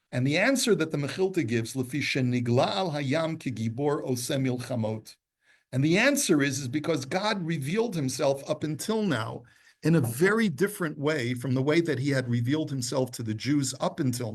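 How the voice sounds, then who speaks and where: A man teaching a Torah class, explaining texts step by step, quoting Hebrew passages and putting questions to his students. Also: a little high. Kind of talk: classroom lesson.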